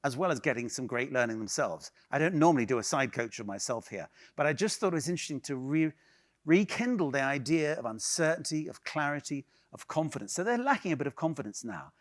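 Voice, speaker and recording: A man's voice: mid-range voice, big pitch swings, fast. A man from England leading an improv workshop for a live audience, teasing and bantering with volunteers in a playful manner. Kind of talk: lively workshop talk. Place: conference hall with a live audience.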